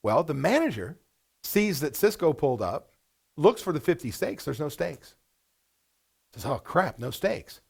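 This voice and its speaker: A man presenting a business webinar to restaurant owners, blunt and animated, firing off rhetorical questions. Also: a little high, unhurried, creaky, long pauses, breathy edge.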